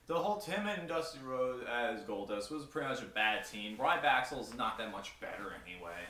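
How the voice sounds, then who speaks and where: A man's voice: mid-range voice, animated, moderate pace, hardly any pauses, bright, forceful tone. A man chatting casually with friends, reviewing a wrestling show in a blunt, dismissive, rambling way. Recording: echoey room, mic at a distance, faint noise.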